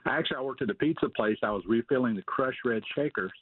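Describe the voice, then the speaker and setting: Male caller, husky low voice, quick talker, tinny phone line. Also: dry recording. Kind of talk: telling a story on air.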